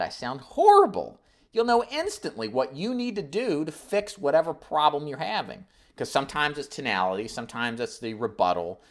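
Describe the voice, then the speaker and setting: A man leads a live webinar sales training for insurance agents, coaching energetically and acting out phone scripts. His voice is medium-pitched and a bit bright.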